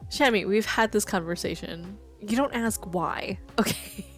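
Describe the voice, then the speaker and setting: A woman's voice: medium pitch, unhurried. Woman, streamer, casual storytelling, chatty, laughs often, faint background music. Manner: chatty, laughs often, swears, acts out quotes.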